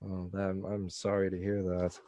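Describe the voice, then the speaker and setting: A man plays a tabletop game, asking the game master questions in a hesitant, searching way. His voice sits low. The sound is dry and close. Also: monotone, normal speed, warm tone, dry recording. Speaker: player.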